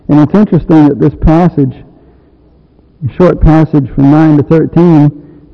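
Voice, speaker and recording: A man preaching a sermon in an unhurried way, with frequent fillers and restarts, reading Hebrew phrases aloud. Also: medium pitch, gravelly. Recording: dull lo-fi sound in a reverberant hall.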